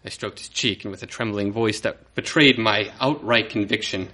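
A man reading a comic story aloud to a live audience in a mock-dramatic storytelling manner, with pointed pauses. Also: on the low side, sharp tone.

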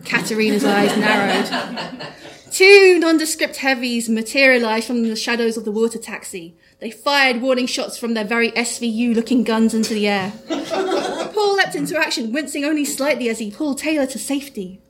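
A woman's voice: a little high, lively intonation, normal speed, fairly bright tone. A woman host narrating a comic parody story aloud, amused and often breaking into laughter.

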